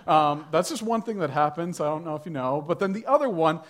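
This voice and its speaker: A man's voice: a little high, lively intonation, fairly quick. A male pastor preaching a sermon to a church congregation, telling a story in a conversational way with light humor.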